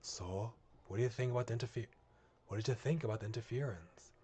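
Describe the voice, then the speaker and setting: A man's voice: medium pitch, dark tone, close to an everyday voice. A man voicing a blunt, sarcastic otherworldly guide in an attempted Northern English accent, reading a visual novel aloud. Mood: gruff. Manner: mocking, rough, drawn-out questions.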